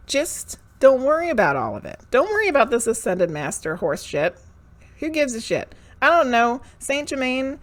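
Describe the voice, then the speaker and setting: A woman's voice: medium pitch, very animated, normal speed. A woman giving tarot readings on a live stream, frank and profane, ranting and then laughing at herself. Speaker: medium and tarot reader.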